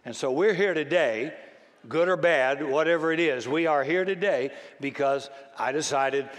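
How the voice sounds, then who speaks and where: A man's voice: a little high, moderate pace, a faint crowd. Older man preaching in an echoing hall. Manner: conversational, self-deprecating, acts out voices in stories. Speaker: pastor. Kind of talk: sermon. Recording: long hall reverb.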